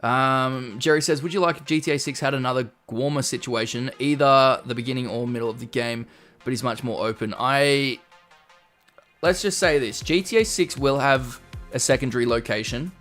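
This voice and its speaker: A man's voice: medium pitch, normal speed, a bit bright. Chatty man streaming live. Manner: chatty, reads viewer comments aloud and reacts. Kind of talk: casual live-stream chat. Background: faint background music.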